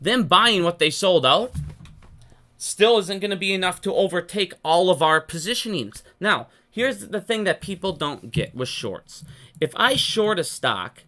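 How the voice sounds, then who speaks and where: A bright, sharp voice pushes through a heated, profanity-laced rant aimed straight at viewers. The speaker sounds fed up and talks in quick, insistent bursts. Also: mid-range voice, big pitch swings. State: frustrated. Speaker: stock market commentator. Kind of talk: unscripted solo rant to viewers.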